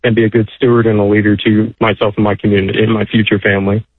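Polite earnest guy calling in, talks fast, thin phone-line sound, lowish voice. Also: flat delivery, no room sound. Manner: earnest, polite, quick talker. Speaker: caller. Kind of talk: call-in conversation.

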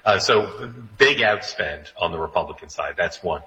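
A man's voice: deep voice, expressive, moderate pace, sharp tone, low-quality recording. A man giving political commentary, laying out his points one by one. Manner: lists points methodically. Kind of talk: analytic commentary.

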